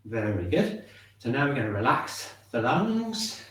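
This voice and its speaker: Man leading a breathing class, mid-pitched voice, very echoey room, a little off-mic, calm and encouraging. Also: measured pace, recorded from a distance. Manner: calm, encouraging instructions, often checking in with "okay". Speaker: shiatsu and qigong teacher. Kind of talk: guiding an online movement class.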